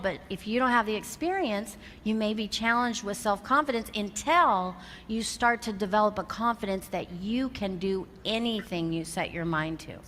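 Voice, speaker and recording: Before an audience in a large hall, a motivational speaker in her fifties gives a keynote, her voice medium-pitched. She's an animated storyteller who performs the quoted dialogue, and the recording carries long reverb plus faint background noise.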